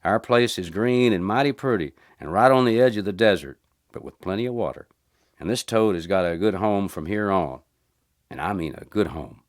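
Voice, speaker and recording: A man's voice: fairly low pitch, expressive, moderate pace, lightly acted. A man voicing an easygoing, tough desert drifter in a folksy drawl. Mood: cheerful.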